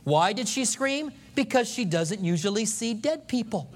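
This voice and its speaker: A pastor giving a sermon, telling the story in an animated, joking way and acting out the scenes. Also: male voice, high-pitched, normal speed.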